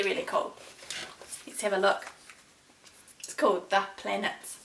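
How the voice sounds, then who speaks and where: A fairly high, bright woman's voice, talking to little ones in a warm, sing-song way. She sounds set back from the mic in an echoey room. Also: recorded from a distance. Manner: warm, sing-song and encouraging, with big excited rises. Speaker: preschool teacher. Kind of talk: storytime lesson for young children.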